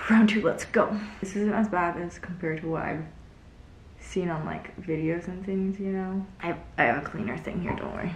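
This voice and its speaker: A woman's voice: fairly low pitch, moderate pace, roomy sound, slight background noise. A young woman vlogging casually as she tests a gadget, chatty and easily grossed out. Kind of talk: casual product-testing vlog.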